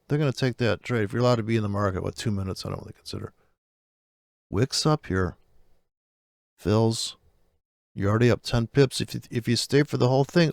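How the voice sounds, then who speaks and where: A man's voice: mid-range voice, vocal fry, dry recording, studio quality. A man giving blunt, profane, unscripted trading commentary over live charts, ranting and restless as he talks. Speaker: forex trading streamer.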